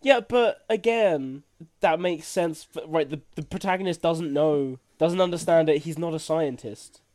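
A man's voice: on the high side, measured pace, a little mellow. A young man co-hosting a casual film debate podcast, who teases his co-host and laughs easily.

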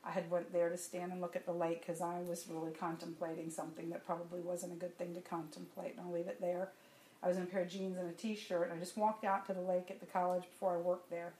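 A woman's voice: fairly low pitch, quick pace, a little hiss or hum. Woman telling a church testimony. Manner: conversational storytelling, animated when laughing. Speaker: church speaker giving testimony. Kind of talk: testimony talk to a congregation. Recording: echoey room with faint ambience.

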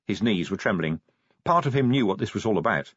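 A man's voice: on the low side, expressive, brisk, fairly bright tone, husky, no room sound. A man narrating an audiobook in a wry, dramatic storytelling manner. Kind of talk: scripted narration. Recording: slightly dull dry studio recording.

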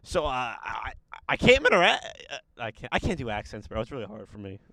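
Man, young adult, stand-up comic, rambling, self-deprecating, mid pitch, dry sound. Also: wildly swooping pitch, fast, vocal fry, bright, forceful tone, dry recording. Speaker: podcast co-host, stand-up comic. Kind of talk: casual chat. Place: parked car.

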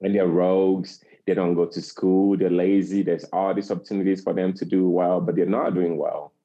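An African man in his forties, interviewed as a guest, has a deep, mellow voice with a level tone and a moderate pace. His talk is earnest and passionate, with repeated phrases for emphasis. The lo-fi recording is slightly dull.

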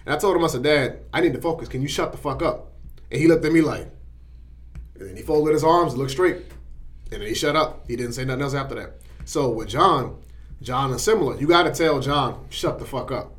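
Fast-talking young man telling profane stories. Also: mid-range voice. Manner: animated storytelling, profane, acts out quotes. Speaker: podcast host. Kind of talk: casual podcast banter. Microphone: studio mic.

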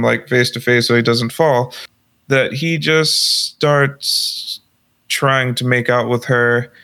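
Young guy with a gravelly voice rambling thru a crude story, lots of swearing, mid pitch. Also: pushed and bright. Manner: crude, rambling, laughs at his own story. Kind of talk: casual storytelling.

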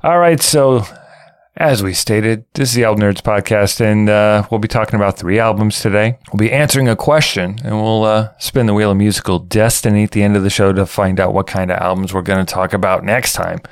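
A man's voice: on the low side, fairly even intonation, fairly quick, clear, resonant tone, no room sound, studio quality. An American man hosting a casual music podcast, joking and laughing with his co-hosts. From United States. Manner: laughing, upbeat banter. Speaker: podcast host.

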